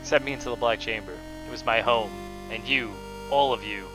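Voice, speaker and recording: A man voicing a dying male game villain, reading the lines quietly and somberly. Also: mid-range voice, brisk, music in the background, natural voice, low-quality recording. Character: dying bitter male villain, lifelong outsider. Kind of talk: reading game dialogue aloud.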